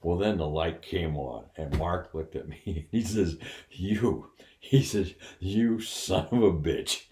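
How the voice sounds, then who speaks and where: A man's voice: low voice, takes it slowly, a little mellow, roomy sound, slight background noise. An older man casually telling a funny personal story, acting out the other people's voices and laughing along as he goes. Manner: folksy, laughs while telling.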